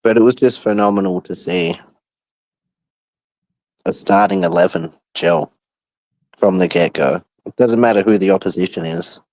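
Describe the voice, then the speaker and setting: A man calling into a football phone-in from abroad, speaking in a measured way with dry humour. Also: low-pitched, darkish tone, no room sound, poor audio. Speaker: caller. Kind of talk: casual phone-in chat.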